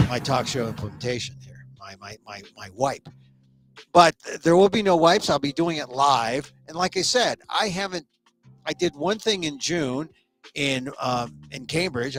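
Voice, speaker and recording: A middle-aged man from the United States hosting a small talk show, delivering a sarcastic comedic monologue with quick restarts. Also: mid-range voice, fairly bright tone. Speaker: host.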